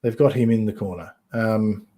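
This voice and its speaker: A man hosting a casual online chat show, rambling and halting with many ums and restarts. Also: fairly low pitch, dark tone. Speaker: podcast host.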